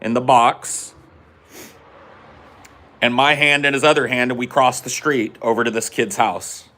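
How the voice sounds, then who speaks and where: A man hosting a podcast, telling a funny story in an animated, profane way. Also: medium pitch, a little slow. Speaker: podcast host. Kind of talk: comedic storytelling.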